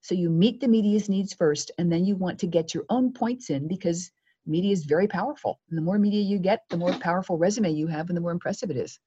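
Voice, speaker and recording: A woman gives interview tips as a podcast guest, her voice husky and a little low. She talks lively and breaks into quoted exchanges as she explains. The audio sounds dull and lo-fi. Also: fast talker. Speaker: media coach guest.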